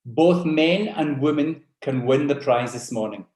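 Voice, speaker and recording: A man's voice: a little high, a little slow, darkish tone, roomy sound. A man with a mixed South African and Scottish accent opening a webinar with formal, courteous announcements. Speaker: event host.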